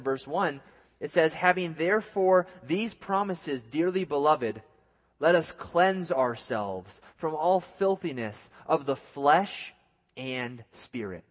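A man's voice: on the high side, long reverb tail. A man preaching a sermon. He reads scripture aloud and then explains it, sometimes acting out the voices of people in the story.

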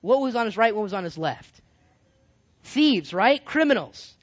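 Man, preacher, sermon, high voice, loud-to-hushed swings, dull lo-fi recording. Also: normal speed. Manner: animated, rising and dropping between loud and hushed. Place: California.

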